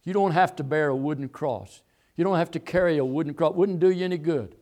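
A man preaching a sermon, moving from calm, halting explanation to fervent, near-shouting emphasis, with many repetitions and restarts. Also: fairly high pitch. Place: rural, works in a barn.

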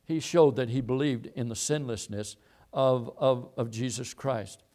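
A man's voice: mid-range voice, a little slow, dark tone. A man preaching a sermon, repeating and stressing his points as he quotes scripture. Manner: emphatic, repetitive preaching with Bible quotes.

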